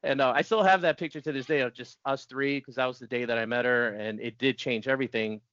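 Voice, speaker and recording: A man's voice: mid-range voice, fairly even intonation, fast, a bit bright, clear, resonant tone, dry recording. Chatty man in his forties, dull audio. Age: 40s. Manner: chatty, laughs often, restarts sentences. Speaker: podcast guest. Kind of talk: casual storytelling interview.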